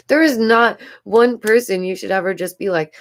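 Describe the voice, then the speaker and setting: A woman's voice: medium pitch, normal speed. Exasperated woman vlogger with frequent laughs. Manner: exasperated, rambling, laughs often. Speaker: YouTube commentary host. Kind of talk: casual commentary vlog.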